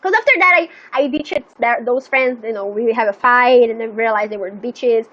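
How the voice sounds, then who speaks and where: A young woman with a high, light voice tells a story on a live stream. She rambles, leans on "like" constantly and swears casually. The audio is a bit muffled and lo-fi. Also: moderate pace. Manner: rambling and animated, full of "like" and swearing.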